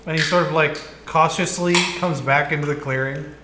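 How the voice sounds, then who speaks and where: A man's voice: a little high, steady tone, normal speed, echoey room, noisy background. A man narrating as dungeon master, rambling and laughing as he voices the characters. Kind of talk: narrating a tabletop game.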